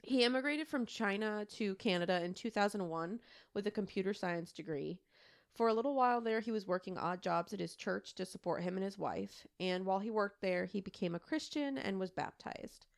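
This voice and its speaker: A woman's voice: lowish voice, creaky. A woman in her thirties co-hosting a podcast, telling a true crime case in a chatty way with lots of fillers and laughing asides. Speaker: podcast co-host. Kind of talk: casual chat and true crime storytelling.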